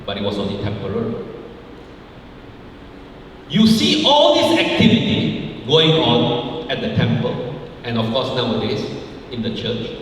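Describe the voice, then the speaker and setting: A man's voice: mid-range voice, very animated, unhurried, long pauses, a bit bright, slight background noise. A man preaching a sermon as pastor, emphatic, often repeating key phrases, in a church sanctuary. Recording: echoey hall, mic far off.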